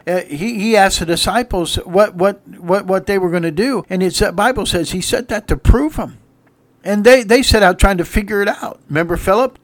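A fiery male preacher with a slightly high voice delivers a sermon, swinging from hushed lines to loud shouts. Between points he slips into sung phrases from hymns. The sound is close and dry, with no room sound.

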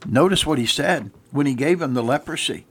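A man's voice: medium pitch, animated, fairly quick, slightly rough. A man, a pastor, preaching a radio sermon and hammering points home with repeated rhetorical questions and answers. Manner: emphatic, repeated call-and-response questions. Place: church radio broadcast.

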